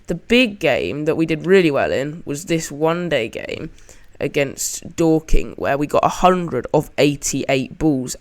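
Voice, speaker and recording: A man giving casual, chatty commentary over his own gameplay as a channel host, narrating each shot as he plays it. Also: on the high side.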